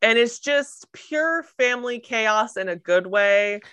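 A woman co-hosting a podcast, chatting casually and excitedly about favorite movies, quoting people and swearing freely. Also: fairly high pitch, slow, clear, resonant tone, no room sound. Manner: excited, profane, quotes herself and others. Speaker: podcast co-host. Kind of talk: casual chat.

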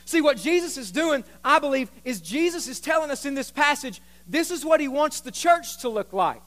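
A man's voice: very high voice, expressive, moderate pace, fairly bright tone. A man preaching a sermon as pastor, reading scripture aloud and joking with the congregation on a microphone. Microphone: handheld microphone.

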